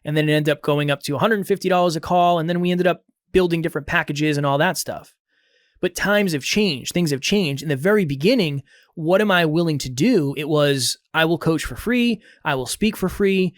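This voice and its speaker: A man's voice: a little high, fairly quick, no echo, clean studio sound. A man hosting a podcast, giving direct, motivational advice in a casual coaching talk with lots of repetition.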